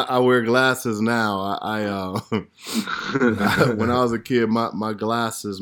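A middle-aged man tells career stories in casual conversation. He is animated and acts out what others said, laughing as he goes. His voice sits at an ordinary pitch. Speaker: actor guest. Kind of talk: casual storytelling.

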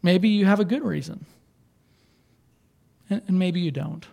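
A male pastor in middle age delivers a sermon with a fairly high voice. He talks in an earnest, conversational manner, often circling back to repeat a phrase or restart a sentence. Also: unhurried, vocal fry, mellow.

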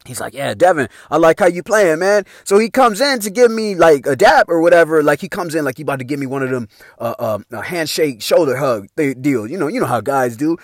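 A man telling a casual personal story to his viewers, animated and heavy on profanity, often breaking into laughter. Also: a little high, brisk, few pauses, dry recording, clean studio sound.

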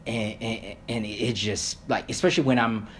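A man's voice: fairly low pitch, moderate pace, a little hiss or hum. A man who grew up speaking Creole, a podcast guest in casual conversation who rambles, swears and restarts a lot. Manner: rambling, animated, swears, many fillers and restarts.

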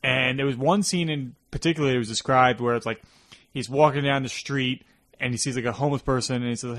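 A young New York man chatting through a film on a podcast. His pitch sits in the middle range for a man. He rambles in a loose, easygoing way. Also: fast talker. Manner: rambling, acts out characters in animated bursts. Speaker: podcast co-host. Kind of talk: casual film discussion.

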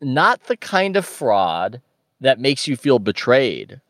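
Man, podcast co-host, animated, joking, conversational, remote mic. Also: medium pitch, no room sound. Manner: animated storyteller, quick and joking. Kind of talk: casual chat.

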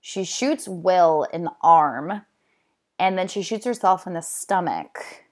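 A woman's voice: lowish voice, expressive, slow. A woman casually retelling a movie's plot, chatty and full of "um" and "like". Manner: chatty, filler-heavy, with frequent "um" and "like". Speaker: film recapper.

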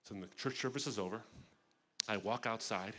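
A man giving a personal testimony talk at a festival, telling his story with expressive, vivid asides. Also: lowish voice, a little fast. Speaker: guest speaker.

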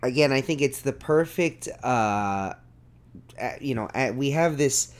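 A man's voice: medium pitch, lively intonation, a little slow. Friendly guy hosting a podcast, upbeat, casual chat. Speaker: podcast host.

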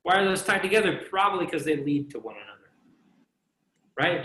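A man preaches a sermon conversationally, often asking the congregation "right?" and joking and laughing between points. His voice sits high and is expressive and sharp at normal speed, with roomy echo and slight background noise.

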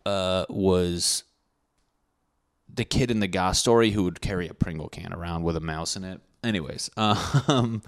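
A young man from Connecticut with a Connecticut accent, telling a rambling, profane, self-correcting comic story from his school days. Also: low-pitched. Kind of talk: casual comedic storytelling.

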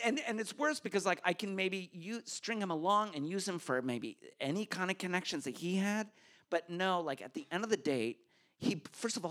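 A man tells a true story at a live story slam, his pitch swinging widely as he goes. He is animated and self-mocking and acts out each exchange of dialogue. His voice sits at a middle pitch. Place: stage at a public hall.

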